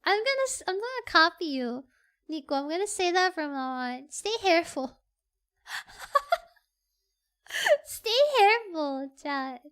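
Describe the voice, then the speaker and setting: Very high, bright, giggly streamer. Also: moderate pace. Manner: giggly and excitable, squeals. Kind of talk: casual live-stream chat.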